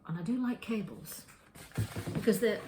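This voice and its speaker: A woman's voice: mid-range voice, lively intonation, normal speed. Woman, casual rambling chat, echoey kitchen, faint hiss. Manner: rambling, with frequent restarts and self-corrections. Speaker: knitting podcast host. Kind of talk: casual show-and-tell chat. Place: home kitchen.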